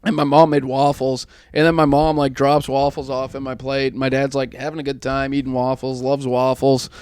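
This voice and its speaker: A man's voice: mid-range voice, little pitch movement, moderate pace, a little mellow, smooth, no room sound. A young man hosting a podcast, telling rambling stories and laughing through them. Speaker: podcast host. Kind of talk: casual storytelling chat.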